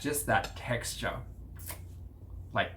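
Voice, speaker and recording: A man's voice: very slow, bright, forceful tone, a little hiss or hum. A man with an Australian accent doing casual reaction commentary, full of dry, sarcastic quips. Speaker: video commentator.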